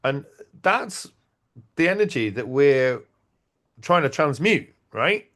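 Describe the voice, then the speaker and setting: A man telling stories in casual talk, animated, acting out quotes and restarting his sentences. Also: mid-range voice, slow pace. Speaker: event organizer and podcast guest. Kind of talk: casual conversational storytelling.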